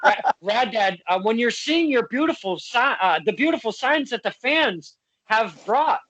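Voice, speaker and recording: High-voiced teasing male host, dry sound. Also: expressive, unhurried, fairly bright tone, no room sound, rough recording. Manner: joking, teasing, with fillers. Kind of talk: casual podcast hosting.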